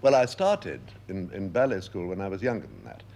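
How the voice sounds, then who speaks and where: An older man being interviewed, telling lively stories and acting out the voices he quotes. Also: low voice, a little fast, slight background noise. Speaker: interviewed actor. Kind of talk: anecdotal interview talk.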